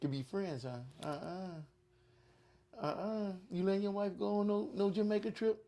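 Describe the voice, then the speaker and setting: Podcast co-host, mid-pitched voice, casual, agreeable interjections. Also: a little slow, warm tone.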